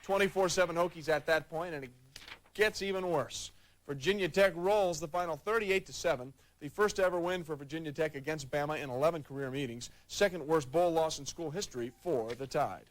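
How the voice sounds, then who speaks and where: A man narrating college football highlights as a sports anchor, in a wry, playful way. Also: a little fast.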